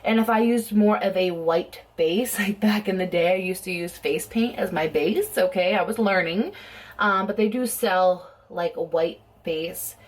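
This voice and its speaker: A woman's voice: fairly low pitch, unhurried. A woman chatting casually at home as she does a makeup tutorial, talking in a rambling way full of "like" and "um". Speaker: beauty vlogger.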